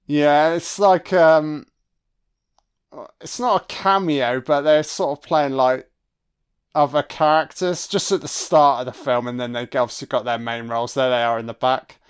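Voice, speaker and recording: A man's voice: a little high, steady tone, a little slow, clear, resonant tone. A man giving a casual, profane and sarcastic film commentary as host.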